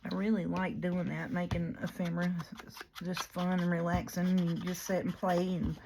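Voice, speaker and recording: A woman with a low, gravelly voice talks her way through a paper craft in a folksy, chatty manner. She talks to herself and to her materials as she works. The home recording is noisy, with clicks behind her. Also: little pitch movement, normal speed. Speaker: crafting vlogger. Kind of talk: casual crafting chat.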